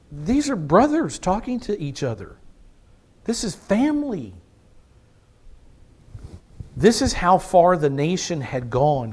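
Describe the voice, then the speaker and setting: A man preaching a Bible-teaching sermon, emphatic, asking rhetorical questions. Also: high-pitched. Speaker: pastor.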